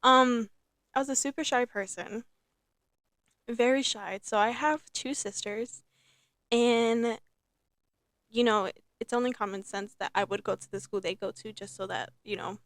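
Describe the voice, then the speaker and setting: A young woman hosting her own podcast in casual, rambling talk, repeating herself and filling pauses with um and like. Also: mid-range voice, fairly bright tone, dry recording, clean studio sound. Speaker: podcast host. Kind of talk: casual solo podcast chat.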